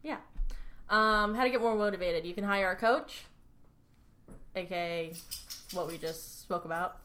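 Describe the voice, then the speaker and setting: Female trainer co-host, relaxed casual chat, bright tone. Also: on the low side, a little slow, a little hiss or hum.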